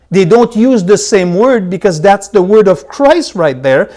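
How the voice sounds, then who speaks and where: Man teaching a Bible study, drawn-out repeated key words, loud-soft swings. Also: high-pitched, sing-song. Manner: swings between loud emphasis and soft asides.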